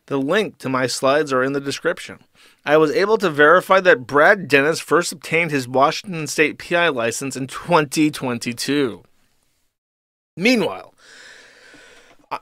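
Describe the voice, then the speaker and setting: A man's voice: a little high, moderate pace, pushed and bright, no room sound, studio quality. A man hosting a stream, reading posts aloud and mocking them with sarcastic, profane commentary. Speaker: streamer host.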